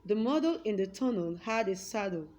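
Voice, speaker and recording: Young Nigerian woman, English teacher at the board, middle pitch, slow deliberate stress on key words. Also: lively intonation, darkish tone, highs cut off. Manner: slow, drawn-out words when stressing a point; repeats example words aloud. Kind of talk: classroom lesson with a whiteboard.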